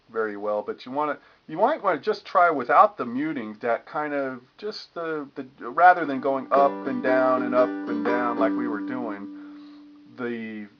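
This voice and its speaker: A man giving a casual guitar lesson, explaining strumming patterns and humming the rhythms as he demonstrates. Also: medium pitch. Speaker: guitar teacher. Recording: lo-fi with guitar playing.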